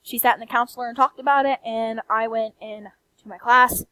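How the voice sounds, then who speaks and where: A young woman with a country accent, ranting in a soft-spoken late-night vlog, candid and blunt with frequent swearing. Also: a little high, steady tone, a little fast, dry recording, rough recording. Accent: American country. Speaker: vlogger. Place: quiet room late at night.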